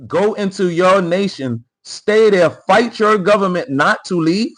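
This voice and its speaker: Male host of a live commentary stream, pitched a touch high; emphatic, repeats himself, riffs on chat comments. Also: measured pace, poor audio. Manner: emphatic, repeats phrases and talks straight to the chat. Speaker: livestream host.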